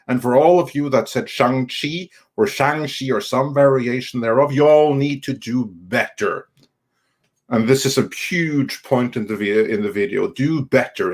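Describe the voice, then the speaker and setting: Male co-host, halting delivery, deadpan sarcasm in casual chat. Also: mid-range voice. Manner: hesitant, many fillers, deadpan sarcasm. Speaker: co-host, film reviewer.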